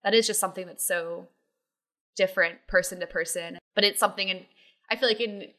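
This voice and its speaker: Bright-voiced woman in casual chat. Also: mid-range voice, steady tone, a little fast. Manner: rambling, many fillers.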